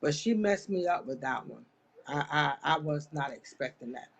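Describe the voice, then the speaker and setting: A woman with a low, animated voice hosts a live online talk show at a moderate pace. She addresses her viewers directly in an impassioned, churchy style, keeping it a casual live chat.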